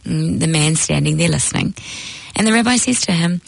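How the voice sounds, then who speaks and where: A woman teaching a lesson, telling a joke with earnest, animated delivery. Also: lowish voice, brisk, creaky, no room sound, rough recording. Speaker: teacher of Jewish texts. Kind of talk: storytelling lecture.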